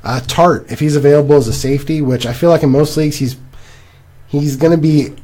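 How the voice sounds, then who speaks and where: A young man co-hosting a casual podcast, rambling and animated as he recaps games. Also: fairly high pitch, fairly quick. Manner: animated, rambling, laughs at himself. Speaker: podcast co-host. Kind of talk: casual fantasy football chat.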